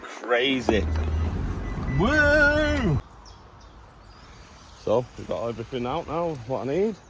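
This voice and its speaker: A man chatting casually to camera while clearing land outdoors. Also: medium pitch, animated, normal speed. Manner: chatty, jokey, talks to camera while working. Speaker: vlogger. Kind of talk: casual outdoor vlog chat. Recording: noisy outdoor background.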